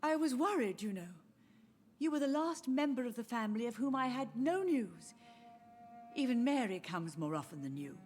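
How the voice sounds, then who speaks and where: An actress voicing a confused, grieving elderly mother in a game, speaking in a breathy, voice that drifts in and out of clarity. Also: fairly high pitch, animated, normal speed, a little mellow, faint music behind, close to an everyday voice. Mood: sorrowful. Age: older. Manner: wandering, sorrowful, drifting between lucidity and confusion. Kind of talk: studio game dialogue.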